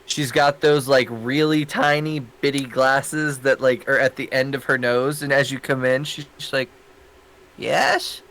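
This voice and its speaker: A man's voice: medium pitch, level tone, normal speed, few pauses, fairly bright tone, rough recording. A man narrating a tabletop game as game master in an easygoing, rambling way. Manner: easygoing, hums to himself.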